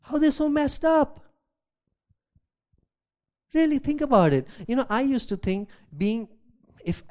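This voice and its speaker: A man, a pastor, preaching a sermon, reading scripture aloud and asking rhetorical questions, swinging from loud emphasis to quiet asides. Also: high voice. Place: church.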